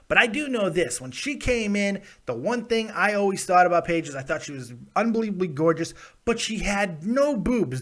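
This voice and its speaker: A man hosting a live call-in show, talking in a loud, blunt and profane way and laughing often. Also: high-pitched. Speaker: host of a wrestling call-in show. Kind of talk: casual live call-in chat.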